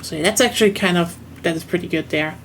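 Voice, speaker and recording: Talking fast in a lowish voice, this southern German streamer with a German accent chats casually while she games. She rambles, full of fillers and restarts, over a bit of hiss or hum.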